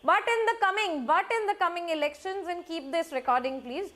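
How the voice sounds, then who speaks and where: A woman, speaking as a party spokesperson in a TV debate, measured, with restarts and sarcastic retorts. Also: extremely high pitch, bright, forceful tone.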